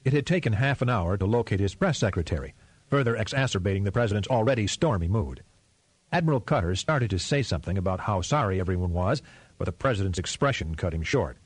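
Low, husky-voiced male narrator. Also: lively intonation, fast, no echo. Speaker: audiobook narrator. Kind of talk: scripted narration.

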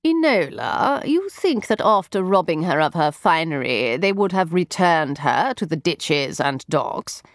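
A woman reading an audiobook, voicing a laconic, dryly amused Victorian detective in a calm, measured tone. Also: sits low, dry recording, clean studio sound.

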